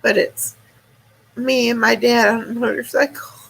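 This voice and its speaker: A woman hosting a livestream, crying and talking to her viewers in halting, broken phrases. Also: a little high, fairly even intonation, vocal fry, a bit bright, slightly rough, poor audio. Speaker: livestream host. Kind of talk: emotional casual chat to viewers.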